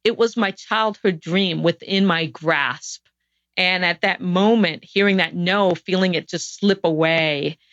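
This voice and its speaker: A woman's voice: lowish voice, a little slow, a bit bright, dry recording. A woman guest on a podcast interview, telling a personal story in an earnest, reflective way with frequent restarts. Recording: dull, dry sound.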